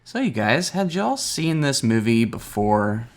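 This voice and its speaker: A man's voice: medium pitch, sing-song, a little slow. A man hosting a movie review podcast, reading a scripted intro and cast list and laughing easily with his co-hosts. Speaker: podcast host.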